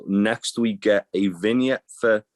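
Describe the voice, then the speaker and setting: A man's voice: on the low side, takes it slowly. A man co-hosting a podcast, rambling and profane in fond, casual banter. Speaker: podcast co-host. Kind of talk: casual chat.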